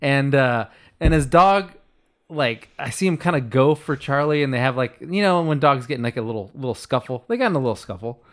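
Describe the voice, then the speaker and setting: A man's voice: mid-range voice, animated, brisk. A man telling a story in casual podcast chat, rambling with lots of "like" and chuckling at himself. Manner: rambling, many likes, self-amused laughs. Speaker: podcast host.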